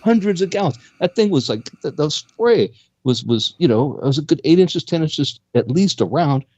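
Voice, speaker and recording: A man's voice: normal speed, no echo. Man on a lo-fi talk radio line. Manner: animated, jumps pitch when making a point. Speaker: co-host. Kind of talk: casual conspiracy talk radio chat.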